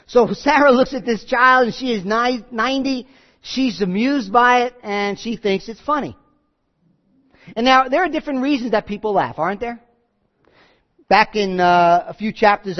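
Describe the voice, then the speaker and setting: A man's voice: high voice, moderate pace. Joking chatty preacher guy, kinda muffled sound, big echoey hall. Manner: conversational, joking, acts out quotes. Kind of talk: sermon. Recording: dull sound in a reverberant hall.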